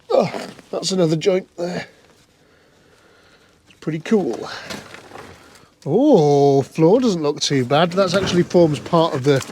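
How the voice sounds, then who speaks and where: A man's voice: fairly high pitch, a little mellow, a little hiss or hum. Man muttering wry car commentary. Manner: chatty, wry, muttering to himself. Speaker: vlog host. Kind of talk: casual running commentary to camera. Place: inside an old car in a scrapyard, cold.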